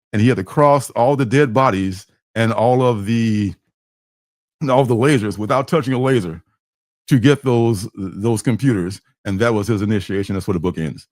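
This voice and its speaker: A man's voice: on the low side, normal speed, no echo, studio quality. Rambling man reviewing comics. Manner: rambling, lots of fillers and restarts, acts out quoted lines. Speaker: comic book livestream host. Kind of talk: casual livestream review.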